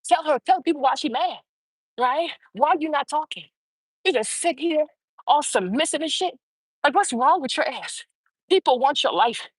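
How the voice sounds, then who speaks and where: A woman's voice: high voice, expressive, moderate pace, no echo. A woman hosting her own show, giving heated, profane opinion commentary and repeating phrases for emphasis. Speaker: show host.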